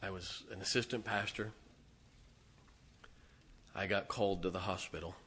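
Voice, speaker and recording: Bright-voiced fiery preaching man. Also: fairly even intonation, moderate pace, breathy edge. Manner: swings between booming declarations and hushed, intimate asides; impassioned, emphatic preaching with repeated phrases. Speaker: pastor. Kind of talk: fervent sermon.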